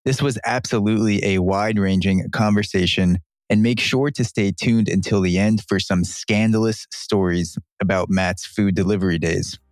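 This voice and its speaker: A man hosting a podcast, reading a measured intro and then chatting with guests. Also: on the low side, steady tone, dry recording, studio quality. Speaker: podcast host. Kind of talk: scripted podcast intro and casual interview.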